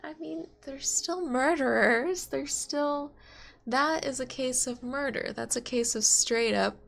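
An American game streamer with a slightly high, creaky, fairly bright voice chats casually while she plays. Giggly and talkative, she gives relaxed let's-play commentary.

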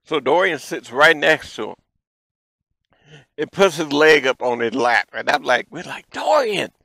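Gravelly folksy man telling stories. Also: medium pitch, measured pace, no echo, poor audio. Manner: folksy, animated storyteller. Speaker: show host. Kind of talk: storytelling childhood memories.

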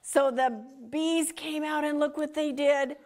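A woman reading a picture book aloud to children, animated and full of questions for them. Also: sits high, unhurried. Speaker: children's storytime reader.

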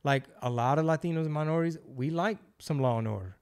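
A man's voice: fairly high pitch, quick pace, a little mellow, smooth. A man hosting a podcast, talking in a casual, slangy and opinionated way. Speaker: podcast host.

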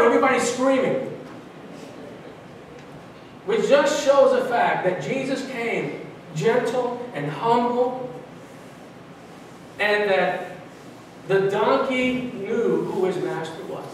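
A pastor from Brooklyn delivers an animated sermon, his fairly high voice stumbling into repeated restarts as he builds each point. The sound is heavily echoey and comes from a mic well away from him in the sanctuary. A faint hiss sits underneath. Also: slow pace, pauses often. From Brooklyn, New York. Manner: animated preaching with frequent restarts and repetitions. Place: large church sanctuary. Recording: very echoey church from far off.

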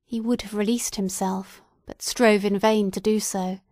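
A woman's voice: medium pitch, no room sound, studio quality. Woman narrating a classic audiobook. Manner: measured, even, deliberate. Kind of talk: scripted narration of a classic novel.

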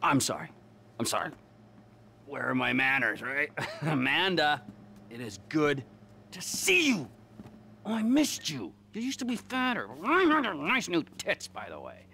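A man's voice: mid-range voice, big pitch swings, moderate pace, creaky, pauses often, pushed and bright, a little hiss or hum, exaggerated voice. An actor playing a volatile, unhinged male criminal in a video game cutscene, sarcastic and swinging into manic cheer.

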